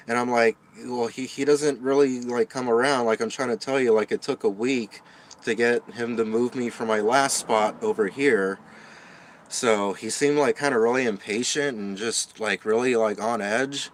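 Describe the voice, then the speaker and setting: A man's voice: medium pitch, steady tone, normal speed. Agitated stammering man venting. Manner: rambling, stammering, swearing, agitated. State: upset and shaken. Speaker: vlogger. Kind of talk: venting storytime vlog.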